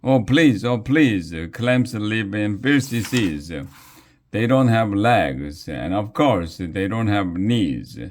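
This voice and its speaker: A man's voice: lowish voice, lively intonation, takes it slowly, a little hiss or hum. A man voicing a brash male rapper in a mouse costume who raps clumsy rhymes in a children's story. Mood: rapping boastfully. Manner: rhythmic, rapping.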